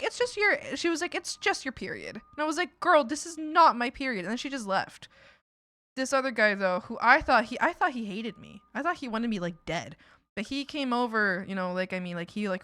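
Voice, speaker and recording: A young woman streams and rants, chatty and sarcastic, with a bright, sharp voice. Her sound is close and dry, with no room echo, as from a desk mic in a small room. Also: fairly high pitch. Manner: chatty, ranting, sarcastic, laughs often. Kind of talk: casual stream chat.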